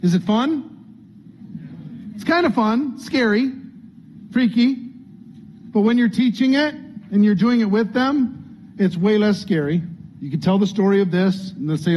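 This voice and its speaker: High-voiced earnest male coach. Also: expressive, unhurried, pauses often, a little mellow, slight background noise. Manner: earnest, conversational, acts out what people say. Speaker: business coach. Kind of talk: coaching talk to a training group. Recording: dull lo-fi sound, faint room ambience.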